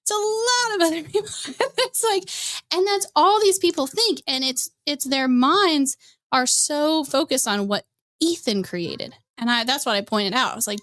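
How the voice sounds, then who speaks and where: A woman's voice: sits high, normal speed, a bit bright. A woman hosting a podcast, ranting in a blunt, profane and sarcastic casual way. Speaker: podcast host.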